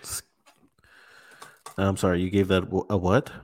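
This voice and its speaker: A man's voice: low-pitched, level tone, unhurried, a little mellow. A man in a casual group food review, teasing a friend with swearing and mock outrage.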